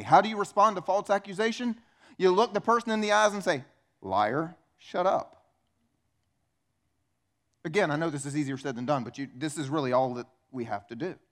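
Male pastor preaching, high voice, punchy rhetorical questions, fired up. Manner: animated, emphatic, rhetorical questions. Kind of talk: sermon.

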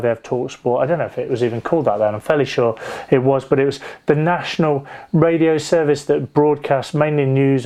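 A man's voice: medium pitch, a little mellow. A man preaching a sermon in a conversational, digressive storytelling way, with frequent restarts. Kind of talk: sermon with personal anecdote.

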